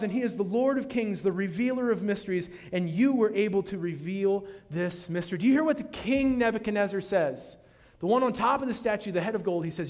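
A male pastor preaching a sermon in a dramatic way, swinging from loud proclamation down to a hushed near-whisper. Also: high-pitched, expressive, fast talker. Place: church sanctuary. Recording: long reverb of a large church hall.

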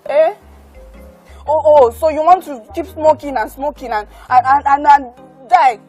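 A woman's voice: high-pitched, a little slow, darkish tone, soft background music. A woman with a Nigerian English accent playing a devoted, pleading girlfriend in a film drama. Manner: pleading, emotional.

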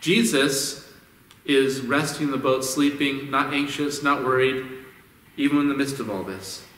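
A male pastor delivers a conversational sermon in a church sanctuary, his medium-pitched voice steady, measured and slightly bright. He often restarts phrases by repeating words. The distant mic picks up an echoey hall.

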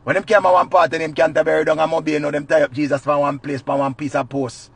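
A man with a Jamaican accent, telling a comic story in patois with lively swings between loud and quiet. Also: a little high, racing, vocal fry, breathy edge. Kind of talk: animated comic retelling.

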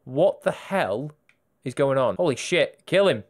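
A man's voice: mid-range voice, very animated, measured pace. A young man giving crude, sarcastic gameplay commentary full of swearing. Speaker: gaming YouTuber.

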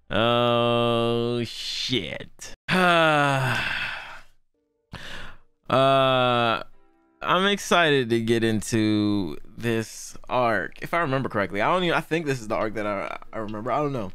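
A man's voice: mid-range voice, expressive, slow pace, sharp tone, smooth, dry recording, faint music behind. A man hosting an anime reaction channel, talking in loose, slangy, profane commentary and laughing often.

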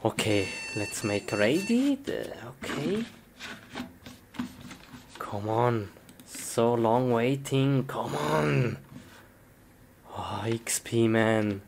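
A woman performing a comedy skit in an excitable way, often exclaiming and laughing, on a noisy recording. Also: a bass voice, extremely slow, pauses often.

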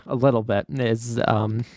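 A man chats through his gameplay in a casual, excitable way, often stammering and thinking aloud. His voice sits at a middle pitch. The sound is dry and close, with keyboard typing in the background. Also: no room sound. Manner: talks to himself, stammers, excitable. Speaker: gaming YouTuber.

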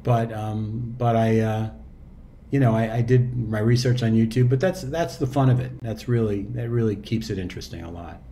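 Brief: man, sixties, guest narrator, warm and mellow tone, easygoing and musing, faint background hiss. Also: lowish voice, normal speed. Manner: relaxed, reflective, loose with fillers and restarts. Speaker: guest, audiobook narrator and actor. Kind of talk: casual interview chat.

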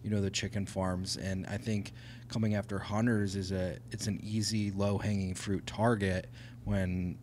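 A man's voice: deep voice, level tone, normal speed, hardly any pauses, a little mellow, a little hiss or hum. A man co-hosting a podcast, talking in an earnest, reflective way and thinking aloud. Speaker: podcast co-host. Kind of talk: casual podcast conversation.

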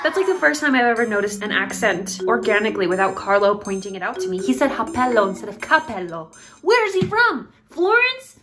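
A young American woman watching a film for the first time and reacting out loud, giggly and emotional. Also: on the high side, sing-song, fast talker, hardly any pauses, music in the background. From United States. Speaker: reaction vlogger. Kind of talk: casual reaction commentary. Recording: film soundtrack playing behind.

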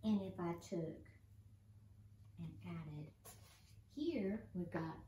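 Woman, first grade teacher, sounds out words slowly, echoey room, faint hum behind. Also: fairly low pitch, lively intonation, dark tone, lo-fi sound. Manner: slow sounding out of letters, encouraging questions. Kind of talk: recorded phonics lesson. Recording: roomy echo, faint room noise.

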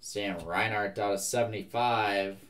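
A man's voice: on the low side, steady tone, fairly bright tone. Young man calling out trading cards. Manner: brisk, reads out card after card. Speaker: card break host. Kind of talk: live card-break commentary.

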